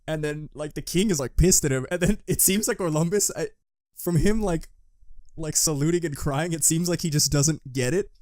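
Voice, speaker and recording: A man co-hosting a casual fan podcast, excitable and quick to laugh. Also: a little high, no room sound, studio quality. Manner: laughs often, excitable, loose. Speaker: podcast co-host.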